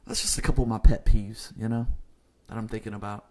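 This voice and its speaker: High-energy man ranting on a podcast. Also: big pitch swings, fast. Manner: high-energy, emphatic, swings between loud bursts and low asides. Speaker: podcast host. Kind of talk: solo podcast rant.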